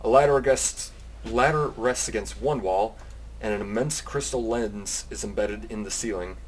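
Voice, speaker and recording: A man's voice: fairly low pitch, moderate pace, slight background noise. A man running a tabletop game as game master, describing scenes and apologizing for tech trouble.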